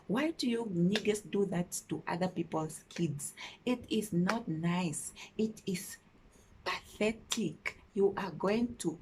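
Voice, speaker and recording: A woman vlogger telling her own story in a lowish voice. She talks with emphatic indignation and hammers her points home by repeating phrases. Words from another language slip into her speech, over a faint background hiss. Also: darkish tone. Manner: mixes local-language words into her talk. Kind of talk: casual storytime monologue.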